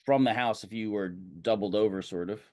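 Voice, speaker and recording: A man's voice: fairly low pitch, moderate pace, darkish tone, no room sound, studio quality. A man running a tabletop game as game master, rambling and hesitant, with many fillers and restarts.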